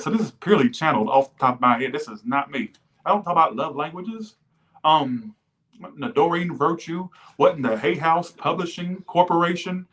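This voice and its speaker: Reading tarot casually on a livestream, this man has a fairly high, somewhat bright voice. His delivery is profane and wandering, full of tangents, and he pauses now and then to thank viewers who donate.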